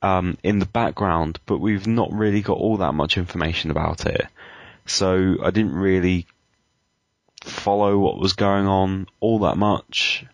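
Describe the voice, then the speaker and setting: A man with a very deep voice, recorded dry and close. He talks through his critical opinions hesitantly, with frequent ums and uhs. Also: fairly even intonation, unhurried, no echo. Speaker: podcast co-host. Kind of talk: casual chat.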